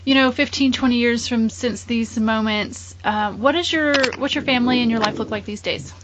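A woman's voice: on the high side, moderate pace, noisy background. A woman interviewer asking heartfelt questions and reacting with emotion. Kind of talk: interview, faith talk.

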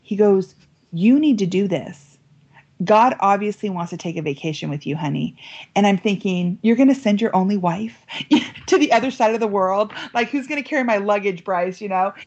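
A woman guest telling a story on an interview podcast, lively and acting out quoted voices. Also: mid-range voice, moderate pace, husky, lo-fi sound. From United States. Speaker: guest author. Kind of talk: animated storytelling.

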